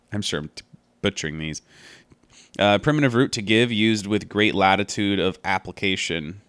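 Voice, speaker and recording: A man's voice: deep voice, a bit bright, clear, resonant tone, no room sound. A man giving casual, earnest Bible commentary, thinking aloud as he meanders from point to point. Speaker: Bible study podcaster.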